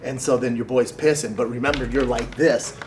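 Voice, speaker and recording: A man hosting a vlog, telling an animated, crude story in a casual way. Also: mid-range voice, brisk, slight background noise. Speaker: host.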